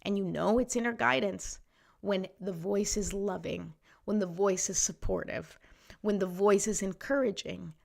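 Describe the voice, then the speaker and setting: A woman host with a medium-pitched, slightly mellow voice and some vocal fry speaks a little slowly. Her casual motivational talk to viewers is chatty and encouraging, peppered with "right?", and at times her voice thins and gives out.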